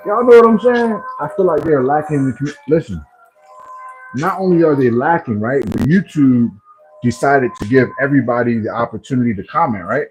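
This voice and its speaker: A man's voice: mid-range voice, brisk, soft background music, poor audio. A man hosting a casual livestream, bantering with viewers in a playful, teasing way. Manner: playful trash talk, animated. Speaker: livestream host. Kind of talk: casual live chat with viewers.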